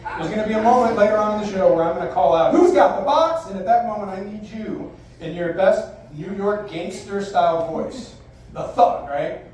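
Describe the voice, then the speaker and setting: A man in his forties works a live bar crowd as a magician, his voice sitting high for a man. His patter is brash, theatrical and salty. The sound is heavily echoey, picked up from well off the mic with a faint hiss behind it. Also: normal speed, a little mellow, distant mic. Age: 40s. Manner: brash, profane, theatrical showman. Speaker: stage magician. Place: live bar venue stage.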